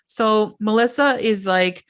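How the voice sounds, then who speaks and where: A woman's voice: mid-range voice, slow pace, clean tone. A woman co-hosting a podcast, chatting casually through a reality-TV recap, acting out quotes and saying "like" a lot. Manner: chatty, acts out quotes, many "like"s, laughs often. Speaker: podcast co-host. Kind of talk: casual pop-culture recap chat.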